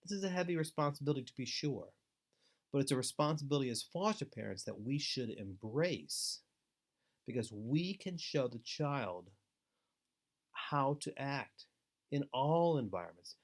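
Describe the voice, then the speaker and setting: A foster care trainer with a mid-range voice gives an instructional webinar talk to foster parents. He sounds earnest and deliberate, with steady, advising emphasis.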